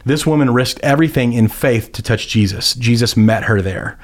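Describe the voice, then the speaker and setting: A man's voice: medium pitch, normal speed. A man, a pastor, talking through a Bible passage in casual conversation, often restarting sentences and acting out the characters' lines. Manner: rambling, many restarts and fillers, acts out quotes.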